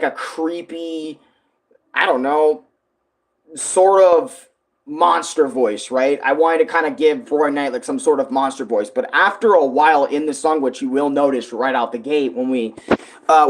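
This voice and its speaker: A man with a fairly high voice rambles through a casual vlog, piling up fillers like "right" and "whatnot" and dropping swear words along the way. He sounds unscripted and loose. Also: moderate pace. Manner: rambling, profane, lots of filler. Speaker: music creator vlogging.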